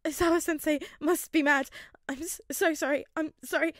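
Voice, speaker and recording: High, teary teenage boy, stammering and gasping, put on by a woman narrator for a fanfic audiobook; dry, close sound. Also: a little mellow, no room sound. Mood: tearful panic. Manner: stammering, halting apologies. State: crying, gasping. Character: panicked, tearful teenage boy hero.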